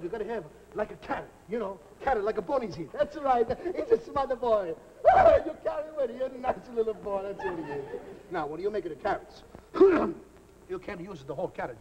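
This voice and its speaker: A boisterous, excitable middle-aged Italian cook, mangling his English and drifting into mock-Italian double-talk in a thick put-on accent. His voice sits high for a man. The sound is a scratchy, hissy early television recording. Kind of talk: live TV comedy sketch.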